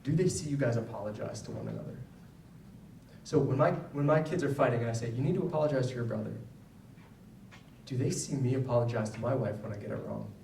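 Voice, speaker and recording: A fast-talking psychologist with vocal fry and a darkish, medium-pitched voice addresses parents in a school event hall. His public lecture is conversational, built on personal stories and punctuated with "right?". The audio is roomy and distant-miked, with faint ambience and slight background noise.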